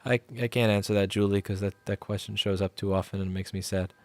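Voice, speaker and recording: A man's voice: on the low side, steady tone, fast, a little mellow, no room sound. A man chatting casually on a livestream in a rambling way, reading chat and cooing at his cat.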